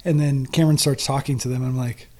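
A man's voice: mid-range voice, fairly even intonation, quick pace, a little mellow. A man in his late thirties, a golf coach, chatting casually and laughing easily in an interview.

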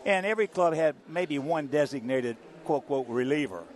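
Older man, animated storyteller. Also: fairly high pitch, moderate pace. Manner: animated storyteller, chuckling through anecdotes. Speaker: guest, former ballplayer. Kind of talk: anecdotal interview storytelling.

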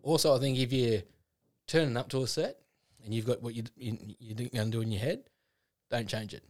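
Laughing comedian, casual chat. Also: male voice, mid-range voice, steady tone, fairly quick, darkish tone, no room sound, clean studio sound. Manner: laughs often, swears, retells jokes in voices. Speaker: comedian guest.

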